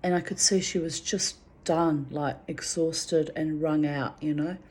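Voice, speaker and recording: Frank, rambling middle-aged woman, lowish voice. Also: fairly even intonation, a little slow, darkish tone, slightly rough. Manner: rambling, frank, swears freely, restarts often. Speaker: vlogger recounting personal memories. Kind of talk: candid spoken reflection.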